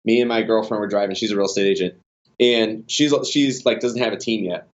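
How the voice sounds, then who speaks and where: A man's voice: lowish voice, fairly quick, muffled recording. A man guest on a podcast, telling business stories in a casual, rambling way with lots of restarts. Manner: rambling, many restarts and fillers, animated in stories. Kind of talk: casual conversational storytelling.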